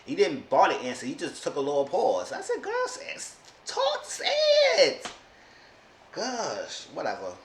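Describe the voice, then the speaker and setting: A man rants through a casual TV recap in a sassy, exasperated way, slipping into mocking voices. His voice sits at a middle pitch. The room is echoey, with a faint hiss behind him. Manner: sassy, exasperated, mimics people in quotes. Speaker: TV show reviewer.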